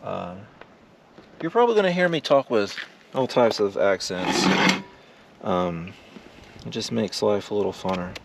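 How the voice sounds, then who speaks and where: A man vlogging casually while camping alone, talking slowly and loosely with lots of fillers. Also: fairly low pitch, expressive, creaky, heavy background noise. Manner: slow, rambling, laid-back talk with many fillers. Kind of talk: casual solo camping vlog. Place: outdoors at a windy campsite.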